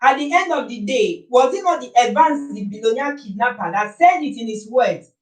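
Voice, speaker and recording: A woman's voice: fairly high pitch, animated, normal speed, recorded from a distance. A woman with a Nigerian accent talking to her live-stream viewers, making her case with repeated rhetorical questions. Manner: forceful, rhetorical, repeats points. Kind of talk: opinionated live-stream talk. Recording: echoey room, voice off-mic.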